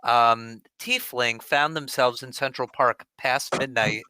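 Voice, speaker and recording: A game master narrating a tabletop game session, with quick joking asides. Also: mid-range voice, sharp tone, smooth, dry recording.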